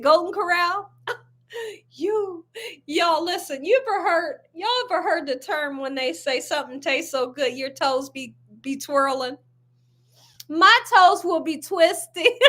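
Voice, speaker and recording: A woman's voice: very high voice, pushed and bright. A woman hosting a casual live cooking stream from home, chatting freely, laughing often and reacting to viewer comments. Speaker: cooking channel host. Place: at home, window open.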